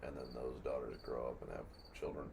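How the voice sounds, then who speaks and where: A man with a very low, gravelly voice co-hosts a casual podcast, talking in a loose, laid-back way. Clear background noise and crickets run under his speech. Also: fairly even intonation, fairly quick. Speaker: podcast co-host. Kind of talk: casual chat.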